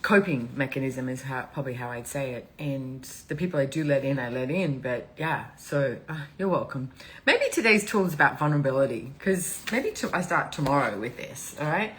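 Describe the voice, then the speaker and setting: A woman's voice: rumbling low, lively intonation, fairly quick, fairly bright tone, slight background noise, rough recording. A woman hosting a live stream, talking in a rambling, candid and emotional way, teary and laughing often. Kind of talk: casual live-stream talk.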